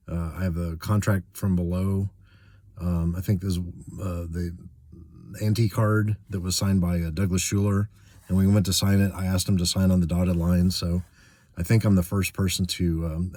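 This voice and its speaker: A man hosting his own channel, talking in a halting, filler-heavy way as he gets worked up in a casual rant. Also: sits low, a little mellow, dry recording, clean studio sound. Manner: halting, many fillers and restarts, getting worked up. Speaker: channel host.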